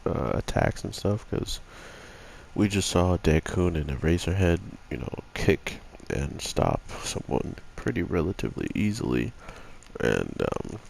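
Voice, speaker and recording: Low raspy guy, sick and croaky, rambling through an anime review with lots of likes and ums. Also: darkish tone. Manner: rambling, filler-heavy. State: sick, rough voice. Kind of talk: casual video review.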